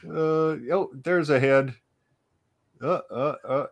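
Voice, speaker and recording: A man hosting a casual discussion, talking in an animated way with many restarts. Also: a little high, drawn-out words, long pauses. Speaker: podcast host.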